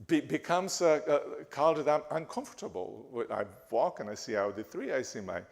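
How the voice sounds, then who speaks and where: A man giving a talk in a church, speaking haltingly with frequent restarts and fillers. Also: mid-range voice, expressive, creaky. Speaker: guest speaker. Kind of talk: church lecture. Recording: reverberant church hall.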